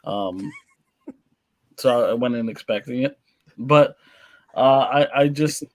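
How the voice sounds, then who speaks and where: A man's voice: mid-range voice, slow pace. A man co-hosting a casual podcast chat, speaking hesitantly and restarting often. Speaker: podcast co-host.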